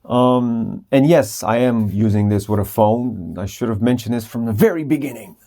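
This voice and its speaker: Tired rambling man, mellow voice. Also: mid-range voice, normal speed. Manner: rambling, self-interrupting, sometimes whispering. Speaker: vlogger testing a microphone. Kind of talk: rambling casual vlog. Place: at home, late at night. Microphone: small wireless clip-on mic.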